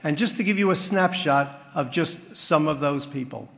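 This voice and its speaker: A man with a gravelly, slightly raised voice hosts a community dinner. He tells a parable with comic timing and then rouses the audience. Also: fairly high pitch, moderate pace, a bit bright, in a large hall. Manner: storytelling with crowd-rousing build-ups. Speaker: master of ceremonies at a community dinner. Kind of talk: after-dinner speech.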